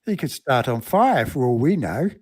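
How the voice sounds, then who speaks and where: A man co-hosting a casual podcast, telling stories with deadpan jokes. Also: medium pitch, normal speed, breathy edge. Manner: storytelling, joking, deadpan. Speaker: podcast co-host.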